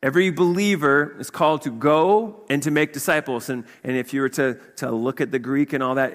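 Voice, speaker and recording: A man in his fifties preaching a sermon as pastor, energetic and conversational, often checking in with "okay?". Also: medium pitch, fairly quick. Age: 50s. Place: church sanctuary. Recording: long hall reverb.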